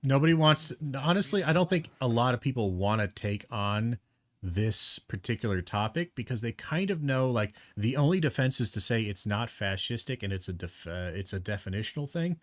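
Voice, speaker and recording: A man's voice: medium pitch, no echo. A man streaming heated commentary on a debate clip, blunt and indignant, swearing freely.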